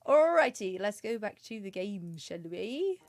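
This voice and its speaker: A woman's voice: mid-range voice, big pitch swings, measured pace, faint music behind. A young British woman chatting playfully through a game livestream, often giggling. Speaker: streamer. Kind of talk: casual game livestream chat.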